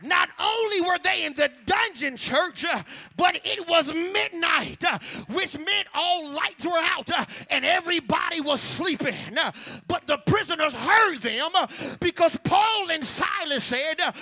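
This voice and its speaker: A man with a Southern accent preaching a revival sermon, shouting in bursts and filling pauses with "uh". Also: very high voice, lively intonation.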